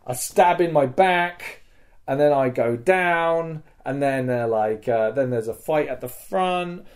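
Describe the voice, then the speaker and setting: Male podcast host, mid pitch, lively and profane storyteller who acts out the action. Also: slow, clean tone. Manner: animated, swears freely, acts out scenes with sound effects. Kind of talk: casual storytelling.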